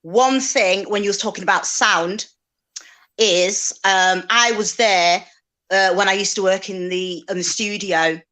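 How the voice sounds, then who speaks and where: A woman from England, a radio presenter guest, recalling the past in plain, measured talk. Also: mid-range voice, pushed and bright. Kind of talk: casual interview chat.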